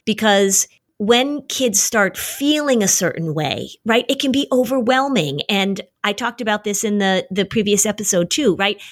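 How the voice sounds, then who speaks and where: A middle-aged woman talks through parenting ideas on a podcast. She is earnest and explanatory, and her pitch sits in an ordinary middle range. She slips into short acted retellings of family moments. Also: animated, normal speed. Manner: earnest, explanatory, acts out stories. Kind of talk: casual podcast conversation.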